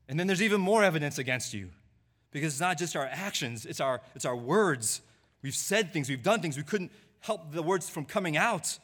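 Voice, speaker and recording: A man preaching a sermon, dropping to a hushed, low delivery and rising to a pleading voice when he voices a sinner's confession. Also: expressive, fairly quick. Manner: swings from hushed low delivery to raised, pleading voice in quoted lines.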